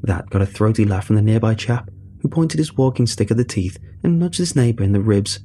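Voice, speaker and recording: A man narrating a first-person story in a measured, dry way. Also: on the low side, lively intonation, mellow, a little hiss or hum.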